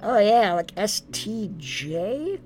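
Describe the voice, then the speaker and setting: A co-host on a casual live stream who mostly gives short, slow reactions. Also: mid-range voice, big pitch swings, a little mellow, soft background music.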